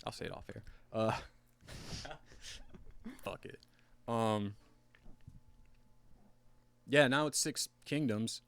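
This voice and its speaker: A man co-hosting a podcast, talking in a casual, rambling, animated way with lots of filler words. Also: mid-range voice, extremely slow, gravelly, long pauses, dry recording. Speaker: podcast co-host. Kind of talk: casual chat.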